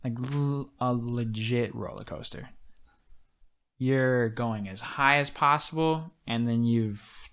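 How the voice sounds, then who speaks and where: A man hosts a podcast in a laid-back, conversational way. His reactions ramble and are full of fillers, with his voice at an ordinary middle pitch. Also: slow, fairly bright tone, clean tone. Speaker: podcast host. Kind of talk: casual interview chat.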